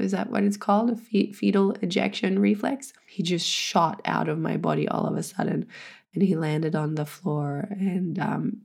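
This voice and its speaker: Low, gravelly-voiced woman telling her story. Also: darkish tone. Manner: frank, earnest, with frequent swearing. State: pregnant. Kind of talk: candid personal storytelling.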